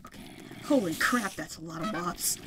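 A woman giving excitable, yelping play-by-play commentary on a survival game session, often laughing at her own bad plan. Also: fairly low pitch, normal speed, noisy background. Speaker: gaming video creator. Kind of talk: Minecraft let's play commentary.

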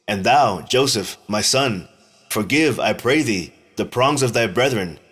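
Man, mid-pitched voice, slow solemn scripture reading, measured deliberate phrasing. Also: a bit bright. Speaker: scripture reader.

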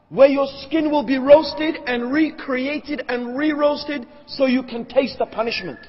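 A man giving a religious lecture, arguing emphatically point by point and asking the audience rhetorical questions. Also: extremely high pitch. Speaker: Islamic lecturer. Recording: echoey hall, dull lo-fi sound.

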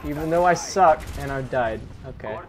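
A man's voice: on the high side, moderate pace, noisy background. A young man giving live gameplay commentary into a desk microphone, rambling and self-mocking, with muttered asides. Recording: gunfire from the game audible. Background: game gunfire.

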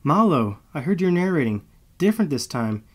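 A man voicing a gentle, tall female vampire who speaks softly and approvingly. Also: a little high, sing-song, normal speed, pitched above the performer's own voice.

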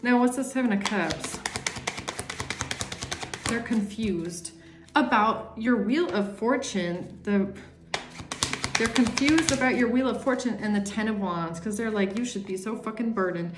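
A woman's voice: a little high, a little slow, pauses often. Chatty woman reading tarot, roomy echo. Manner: chatty, emphatic, acts out imagined people's thoughts. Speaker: tarot reader. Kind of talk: casual tarot reading to camera. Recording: roomy echo with faint music.

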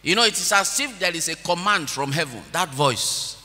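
A man preaching a sermon, leading the congregation in call-and-response and rising into shouted prayer. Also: fairly high pitch, expressive, normal speed. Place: large church hall. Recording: long church hall reverb.

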